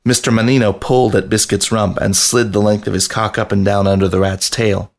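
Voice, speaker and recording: A man reads a story aloud for his podcast in a steady, even voice. His register sits low, with a gravelly fry running through it. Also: a little fast. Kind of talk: reading fiction aloud.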